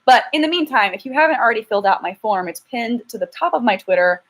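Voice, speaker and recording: A woman's voice: a little high, lively intonation, quick pace. A young woman chatting casually on a live stream, frank and self-deprecating, often stumbling and restarting as she answers viewers' questions. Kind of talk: casual live-stream chat reading super chats. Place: home, lives in LA.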